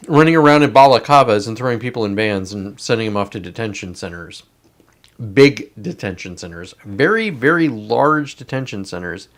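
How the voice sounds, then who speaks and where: A man's voice: medium pitch, a bit bright. Profane, sarcastic man ranting solo. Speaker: host. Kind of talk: casual ranting monologue.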